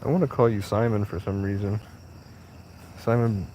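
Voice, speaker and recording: A man's voice: on the low side, steady tone, normal speed, pauses often, dark tone, slight background noise. A man livestreaming outdoors at night on a work break, chatting with a cat in a playful, teasing way full of crude jokes and mock-mystical talk, on a phone mic. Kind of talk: casual live stream, talking to a cat.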